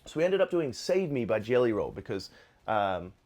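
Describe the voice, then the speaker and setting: A man, a guitarist, chatting casually to camera in a relaxed, rambling way with many fillers. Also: mid-range voice, normal speed. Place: Nashville. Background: guitar playing.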